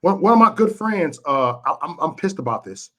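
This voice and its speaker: Fired-up guy from chicago hosting a live show, bright forceful voice, cusses a lot, trips over his words. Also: a little high, sing-song, normal speed. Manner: passionate, swearing, repeats words when worked up. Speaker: livestream show host. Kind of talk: casual heated call-in talk.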